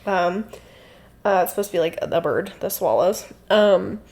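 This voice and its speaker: A woman's voice: lowish voice, lively intonation, normal speed, darkish tone. A woman co-hosting a podcast, chatting casually with many fillers and bursts of laughter. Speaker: podcast co-host. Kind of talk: casual chat.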